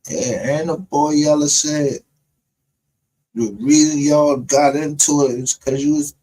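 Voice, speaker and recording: Slow-talking man hosting a livestream. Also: a little high, mellow, a little hiss or hum, poor audio. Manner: rambling, laughs often, swears freely. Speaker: livestream show host. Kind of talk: casual profane commentary.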